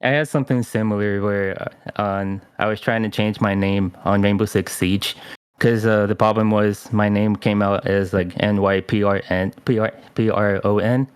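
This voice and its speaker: Smooth, low-voiced male podcast co-host. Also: fairly even intonation, moderate pace, no room sound. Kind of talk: casual chat.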